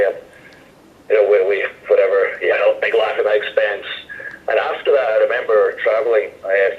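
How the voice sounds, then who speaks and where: A Scottish man in his thirties talks easygoing and self-mocking in a low voice. The sound is thin and tinny, like it is coming down a phone line. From Scotland. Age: 30s. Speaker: wrestler, interview guest. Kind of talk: casual interview over the phone.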